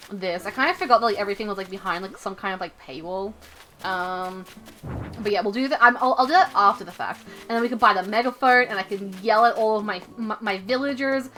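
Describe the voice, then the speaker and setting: A woman's voice: mid-range voice, bright, forceful tone, slight background noise. A young woman streaming a game, chatting casually in a rambling way with lots of fillers. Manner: rambling, many fillers and restarts. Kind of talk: casual live-stream chat.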